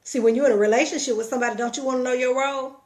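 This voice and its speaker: A middle-aged woman giving a folksy, preachy motivational talk with animated storytelling. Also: sits high, racing. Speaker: motivational vlogger.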